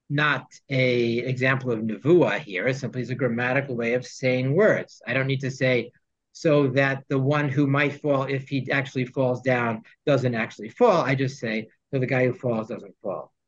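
A man teaching a text study class, reading Hebrew phrases and explaining them in English with joking asides. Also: medium pitch. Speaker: Torah teacher. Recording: dull lo-fi sound.

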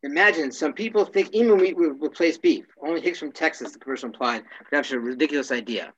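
A man teaching a casual class, wry and joking, often clearing his throat. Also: a little high, quick pace, a bit bright, highs cut off.

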